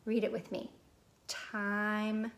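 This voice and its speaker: A woman's voice: medium pitch, measured pace, a little hiss or hum. A woman teaching a recorded phonics lesson to young children, patient and prompting them to repeat words.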